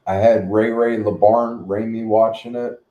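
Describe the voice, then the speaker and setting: A man's voice: fairly low pitch, flat delivery, measured pace, highs cut off. A middle-aged man hosting a channel, ranting in a blunt, profane, rambling way. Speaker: channel host. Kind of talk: casual rant. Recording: echoey room.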